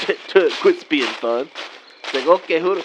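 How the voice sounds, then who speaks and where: A man's voice: fairly high pitch, expressive, measured pace. A man in his thirties doing an improvised comedy sketch in a laid-back slacker drawl, always saying "man" and "vato". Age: 30s. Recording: dull lo-fi audio with faint night noise.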